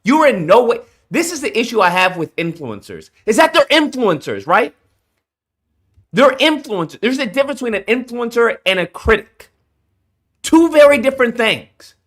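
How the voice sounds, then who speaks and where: A man's voice: very high voice, very animated, moderate pace, a bit bright. A man streaming a reaction, ranting heatedly and profanely to his viewers. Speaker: streamer reacting to a game showcase. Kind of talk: casual reaction rant.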